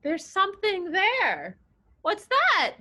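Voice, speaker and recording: A woman's voice: high-pitched, big pitch swings, measured pace, pushed and bright, heavily acted. A woman voicing a tiny, frightened little boy searching the woods in a storybook read-aloud. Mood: scared. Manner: scared and breathless.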